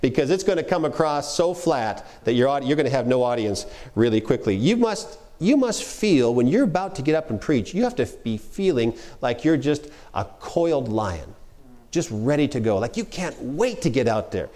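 A middle-aged man giving a conversational workshop lecture on preaching, animated and acting out quoted speech. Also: mid-range voice, moderate pace. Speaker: preaching instructor.

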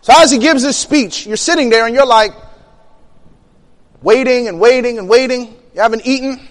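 A young man telling a personal story in an animated way, acting out the quotes and laughing between lines. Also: very high-pitched, normal speed, in a large hall. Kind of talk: storytelling talk.

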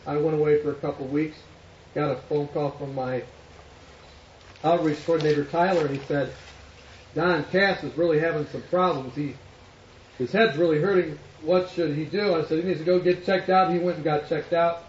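In a sermon, a male pastor acts out the characters of a story he's telling, his voice fairly high, his tone steady and his pace moderate. A distant mic in an echoey hall makes it sound dull, with slight background noise.

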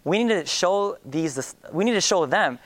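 A man's voice: high-pitched, animated, unhurried. A young man preaching a sermon in an earnest way, with many fillers and restarts.

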